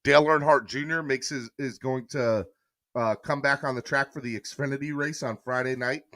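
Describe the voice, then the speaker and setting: A man's voice: mid-range voice, fairly even intonation, moderate pace, pushed and bright, dry recording, clean studio sound. A man hosting a casual sports podcast live stream, rambling chattily and reading viewer comments aloud. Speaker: podcast host.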